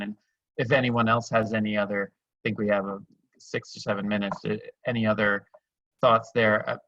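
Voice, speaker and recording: Lowish-voiced man sharing parenting tips. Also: a bit bright, no echo, muffled recording. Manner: reflective, loosely phrased with many fillers. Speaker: workshop facilitator. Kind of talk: casual online workshop talk.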